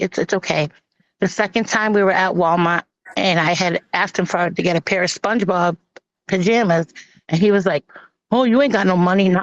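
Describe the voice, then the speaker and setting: Woman giving halting personal testimony. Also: mid-range voice, no room sound. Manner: halting, with many ums and restarts, acting out quoted dialogue. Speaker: guest sharing her personal story. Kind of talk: emotional personal testimony on a live stream. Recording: dull lo-fi stream audio.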